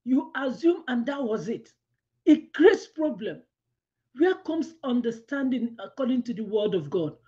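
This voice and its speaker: Woman devotional speaker, animated storyteller, bright high voice with wide swings; muffled lo-fi recording. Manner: animated storytelling, quick asides, laughs while telling. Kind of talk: devotional teaching with personal story. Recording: lo-fi dull sound.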